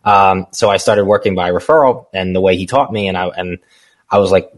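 A man with a very low, deep voice speaks as a guest on an interview show. He tells his story candidly, in a relaxed conversational way, and he laughs easily. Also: brisk. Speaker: guest, small business founder.

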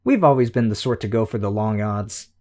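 A man voicing a smug, sharp-tongued young woman who talks in quick, know-it-all quips. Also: lowish voice, expressive, natural voice.

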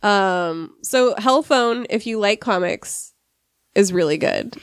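A woman's voice: mid-range voice, takes it slowly, clear, resonant tone, no room sound, studio quality. A woman in casual chat, enthusiastic and full of fillers. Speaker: podcast co-host.

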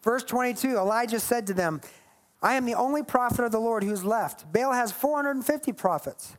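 A woman's voice: on the high side, animated, brisk. Emphatic woman preaching a sermon. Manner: emphatic, playful asides, reads scripture aloud.

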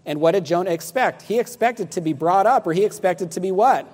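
A man's voice: sits high, fairly quick, darkish tone, in a large hall. A man preaching a sermon to a congregation, emphatic and questioning, asking listeners to answer back. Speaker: pastor.

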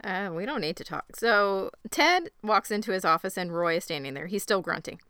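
Bright, crisp woman on a dry mic. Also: medium pitch, expressive, normal speed, dry recording. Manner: laughs often, enthusiastic. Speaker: podcast co-host. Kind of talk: casual recap chat.

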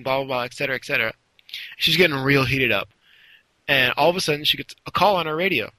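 A man's voice: medium pitch, fast, pushed and bright, dry recording, poor audio. A man casually telling a long story, rambling a little and acting out the quotes. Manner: rambling, with restarts and acted-out quotes.

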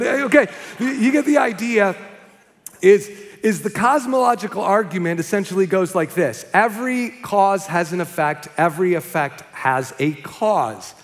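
A man preaching to his congregation in a loose, conversational way, telling stories and checking in with "okay?" His voice sits a little high for a man. A large hall adds a long echo behind him. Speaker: pastor. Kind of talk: sermon.

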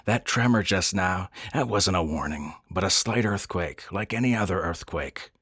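Man doing a gruff, dismissive expedition boss, low husky voice, dry read. Pulp story figure. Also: expressive, moderate pace, a bit bright, no echo, full character voice. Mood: scornful. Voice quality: curt, dismissive. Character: brusque, skeptical male expedition leader.

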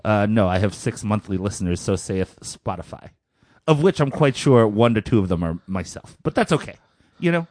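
A man's voice: fairly low pitch, animated, normal speed, a little mellow, dry recording, clean studio sound. A man co-hosting a podcast in casual chat, laid-back, laughing often and filling with "uh" and "you know". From Philadelphia. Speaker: podcast co-host.

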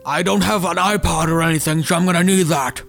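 A man's voice: on the high side, a little fast, creaky, a bit bright, soft background music. A man putting on a whiny, nervous giant ogre. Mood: fretful.

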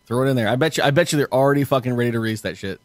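A young man riffing on a casual podcast, cursing freely and breaking into laughter as he acts out his own reactions. His voice sits at an ordinary pitch, recorded close and dry with no room sound. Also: rapid-fire, dry recording. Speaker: podcast co-host.

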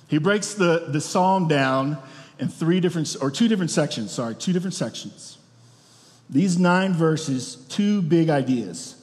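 A man preaching a sermon as pastor, talking in a conversational way and often checking in with the room. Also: on the high side. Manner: conversational, asks the room questions. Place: church hall. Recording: long reverb of a church hall.

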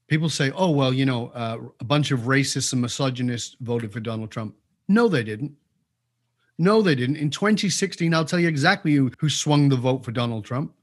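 A man's voice: mid-range voice, no room sound, clean studio sound. A man as an interview guest giving opinionated commentary, emphatic and repeating key points for force.

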